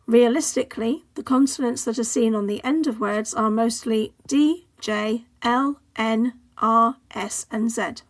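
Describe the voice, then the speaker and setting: English lady teacher, bit high voice, clear careful lesson narration, models each word slowly. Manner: clear, measured teaching delivery, carefully modelled example words. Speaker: languages teacher. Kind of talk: scripted instructional narration.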